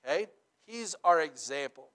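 A middle-aged man preaches in a slightly high voice that moves a lot. He talks to the congregation, drops to a near hush, then builds back to loud emphasis. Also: lively intonation, normal speed. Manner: dynamic, swinging from loud emphatic to quiet and intimate; conversational, checks in with "okay?" and "right?". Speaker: pastor. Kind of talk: sermon.

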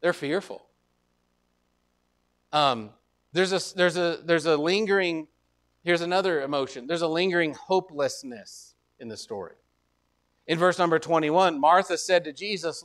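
A man with a notably high voice delivers a sermon in a conversational, plain-spoken way. He retells scripture in everyday language, restarting his phrases often, and slows down to read verses in old biblical wording. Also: a bit bright. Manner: reads verses aloud in old biblical wording, slow and deliberate. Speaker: pastor.

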